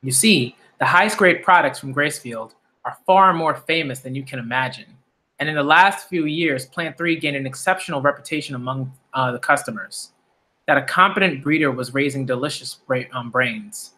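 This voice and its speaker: A man's voice: mid-range voice, normal speed, pushed and bright, close to an everyday voice. Man reading as a gleeful demon noble hunter. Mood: gleeful, smug. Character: gleeful cruel male demon aristocrat hunter.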